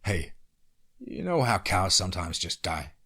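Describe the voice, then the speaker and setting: A man's voice: sits low, sing-song, measured pace, gravelly, sharp tone, slightly rough, full character voice. A man doing a hesitant country-accented young rancher. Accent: American country. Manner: hesitant, fumbling for words. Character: young male rancher, evasive and uneasy.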